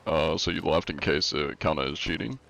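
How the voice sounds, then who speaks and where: A man's voice: rumbling low, moderate pace, vocal fry, fairly bright tone, slight background noise. A man streaming a game live in a casual, laid-back way, reading chat aloud, answering it and using many "uh" fillers. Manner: frequent "uh" fillers.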